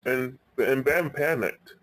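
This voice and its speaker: A man's voice: medium pitch, slow, a bit bright, no room sound. Rambling man telling a story. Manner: rambling, frequent restarts. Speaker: YouTube storyteller. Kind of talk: casual improvised storytelling.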